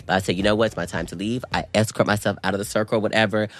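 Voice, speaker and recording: A man's voice: fairly low pitch, rapid-fire. A young man co-hosting a podcast, animatedly telling a story, calling his listener "girl" and acting out quotes. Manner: animated, says "girl" constantly, acts out quotes. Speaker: podcast co-host. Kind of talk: casual storytelling chat.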